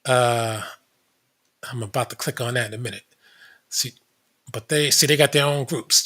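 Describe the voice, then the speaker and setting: A man's voice: mid-range voice, normal speed, pauses often, pushed and bright. A man hosting a commentary show, casually reading web pages aloud with blunt asides. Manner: blunt, reads aloud from screen, frequent asides.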